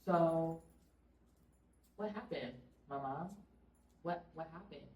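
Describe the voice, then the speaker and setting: A woman vlogger telling a story to her viewers in a casual, animated way, laughing often. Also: low voice, slow. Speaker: family vlogger. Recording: roomy sound, mic at a distance.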